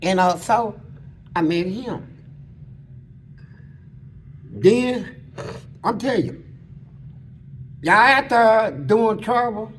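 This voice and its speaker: High-voiced man telling blunt, crude stories. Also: animated, drawn-out words, long pauses, fairly bright tone, slight background noise. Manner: blunt, crude and vivid, with street slang; acts out other people's lines mid-story. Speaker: interview guest. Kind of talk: casual storytelling about prison life.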